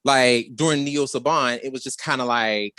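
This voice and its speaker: A podcast co-host in a casual review chat, animated, acting out characters' reactions and laughing often. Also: mid-range voice, normal speed, no echo, studio quality.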